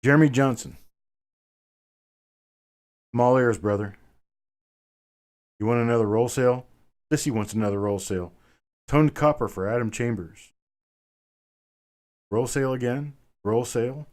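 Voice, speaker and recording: Hosting a live coin auction, this chatty man speaks a little slowly with long pauses, his medium-pitched voice slightly dark in tone. Sounding a bit out of breath, he chats casually with viewers, replying to their comments by name and addressing them as "brother."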